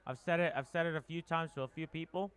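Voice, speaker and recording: Quick chatty surf commentator guy, smooth voice, keeps repeating himself. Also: a little high, fairly even intonation, fairly bright tone. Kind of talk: live sports commentary.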